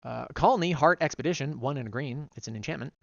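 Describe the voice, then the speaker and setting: Gravelly man reading card text. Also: mid-range voice, fairly bright tone, no room sound, highs cut off. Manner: reads card text aloud, quick and run-on. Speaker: vtuber streamer. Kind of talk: casual card-by-card deck reading.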